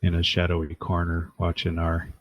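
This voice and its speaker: Male player, low voice, dry practical delivery; muffled, dry lo-fi recording. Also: completely flat delivery, normal speed, dry recording. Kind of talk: casual tabletop game chat. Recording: dull dry lo-fi audio.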